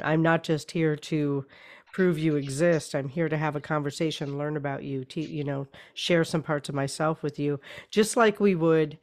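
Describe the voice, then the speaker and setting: A woman author talking in a casual interview, hoarse and losing her voice, often clearing her throat and repeating words as she thinks. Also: low voice, a little mellow. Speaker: author guest.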